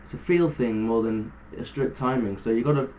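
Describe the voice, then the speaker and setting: A man giving a casual step-by-step guitar lesson, talking through fret numbers in a relaxed way with fillers. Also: mid-range voice, normal speed, a little hiss or hum, rough recording. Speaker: guitar teacher. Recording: loud guitar music under the voice. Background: electric guitar playing between phrases.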